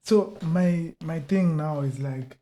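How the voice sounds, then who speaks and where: A man's voice: fairly high pitch, moderate pace. A young man from Zimbabwe telling stories as a podcast guest, acting out quoted lines and laughing often. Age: young adult. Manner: animated storyteller, acts out quotes loudly, laughs often. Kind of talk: casual chat.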